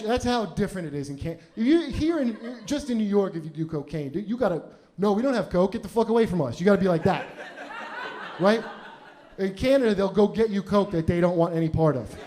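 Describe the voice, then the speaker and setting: A male comedian spins a long, profane personal anecdote in a loose, rambling way, laughing often as he talks. His voice sits a little high for a man, yet the tone stays dark and mellow. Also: animated, fairly quick. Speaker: comedian and podcast host. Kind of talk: casual storytelling anecdote.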